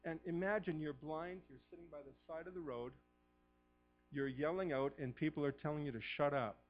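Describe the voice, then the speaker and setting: Middle-aged pastor guy preaching hard, goes from near-whisper to yelling, slightly high voice, dull lo-fi sound. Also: fairly even intonation, fairly quick. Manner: fervent preaching, swinging from hushed to shouting. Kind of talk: sermon.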